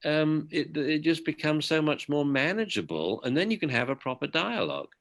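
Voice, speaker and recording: A man with a British accent, a dog behaviour expert giving an outspoken, lively interview. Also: a little high, normal speed. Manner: outspoken, animated storyteller. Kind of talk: conversational interview.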